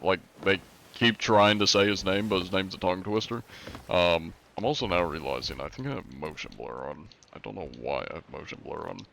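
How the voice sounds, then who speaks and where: Young man, low voice, casual live streamer, swears a lot, laughs at his own slips, faint room hum. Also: a bit bright.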